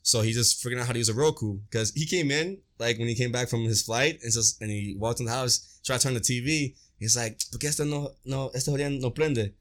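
Fast-talking young man telling stories. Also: mid-range voice. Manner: animated storytelling with slang and cursing. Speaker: podcast co-host. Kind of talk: casual podcast chat.

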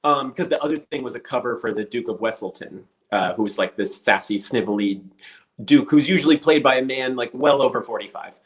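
A man's voice: mid-range voice, a little fast, low-quality recording. A man telling a story casually, acting out the voices of the people in it. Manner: animated storyteller acting out quotes.

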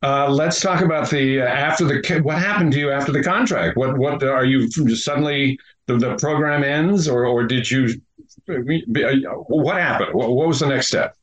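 A man's voice: medium pitch, fairly bright tone, low-quality recording. Casual man hosting an interview. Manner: casual, halting questions with restarts. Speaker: interview host. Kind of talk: conversational interview.

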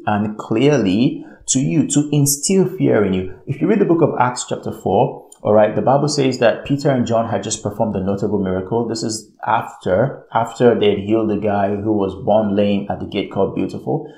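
A man's voice: fairly low pitch, creaky, mellow. A man preaching a sermon in an emphatic way, repeating his phrases and often checking in with "all right". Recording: roomy echo.

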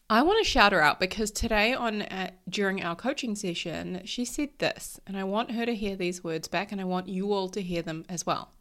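A woman's voice: medium pitch, fairly bright tone. A woman, hosting a podcast as a life coach, sounding nasal from a cold and talking in an upbeat, blunt way. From New Zealand. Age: 30s. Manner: upbeat, blunt, swears casually. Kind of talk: casual chat.

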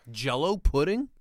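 A man in casual podcast banter, teasing and asking playful questions. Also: sits high.

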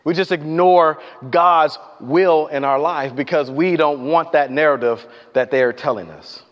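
A man preaching a sermon in a large hall, his voice carrying a long reverb tail. He retells the scripture with animated storytelling and slips into voices for the characters. The recording is muffled and lo-fi, and his pitch sits a little above the usual for a man. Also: a little slow. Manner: animated storytelling, acting out voices and asking the congregation questions.

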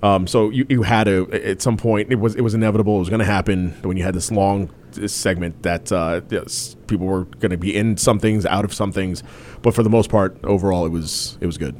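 A man's voice: sits low, steady tone, brisk, a little mellow, slight background noise. A man hosting a casual chat show, talking loosely with restarts and laughter. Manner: chatty, stumbles and restarts, laughs often. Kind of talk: casual chat about wrestling.

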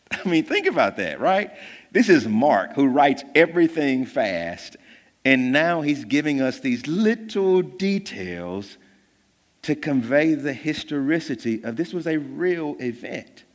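A man delivers a sermon in an unhurried, measured way, leaning into loud, lively bursts and then dropping to a near hush. His voice sits a little high for a man. The sound carries the long reverb of a large church hall. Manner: animated, swings from loud bursts to hushed; conversational, acts out voices of disciples. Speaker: pastor.

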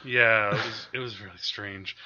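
A man's voice: lowish voice, steady tone, normal speed, sharp tone, dull audio. A man co-hosting a podcast, chatting casually about films with frequent laughs and hesitant fillers. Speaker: podcast co-host.

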